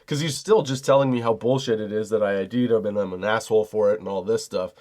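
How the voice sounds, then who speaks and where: A man's voice: lowish voice, fast talker, darkish tone. Laughing, swearing male podcast host. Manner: profane, laughs often while telling the story. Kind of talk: casual storytelling monologue.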